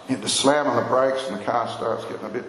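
A man's voice: medium pitch, fairly even intonation, fast, fairly bright tone, a little hiss or hum. A man preaching a sermon, telling stories earnestly and lifting his voice for emphasis. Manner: earnest storytelling, rising for emphasis. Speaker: pastor. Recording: echoey hall with long reverb, faint ambience.

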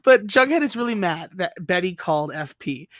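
A woman's voice: fairly low pitch, lively intonation, normal speed, fairly bright tone, dry recording, clean studio sound. A young woman hosting a casual recap podcast, rambling and laughing, acting out quotes. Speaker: podcast host.

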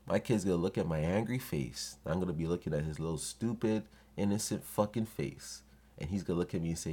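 A young adult man hosting a podcast, telling comic stories in a profane, animated way and acting out the people he quotes. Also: low voice, fairly quick, breathy edge. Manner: profane, animated, acts out quoted voices with laughs. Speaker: podcast host. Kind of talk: comedic storytelling monologue.

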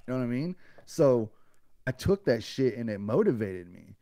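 A man's voice: mid-range voice, big pitch swings, normal speed, warm tone, no room sound, clean studio sound. A man guest on a podcast, telling a personal story in a blunt, profane way and acting out what others said to him. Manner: blunt and profane, acts out others' lines in a raised voice.

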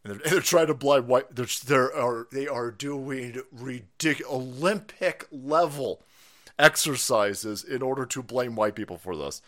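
A man's voice: medium pitch, a little slow, a bit bright. A man ranting sarcastically on a livestream, profane and laughing often. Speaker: political commentary streamer.

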